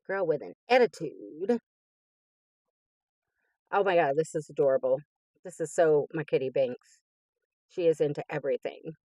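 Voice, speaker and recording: A woman's voice: low-pitched, animated, normal speed, long pauses, warm tone, dry recording. A woman in her fifties hosting a crafting channel, gushing with enthusiasm as she opens happy mail in casual chat. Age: 50s. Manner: gushing and enthusiastic, frequent laughs.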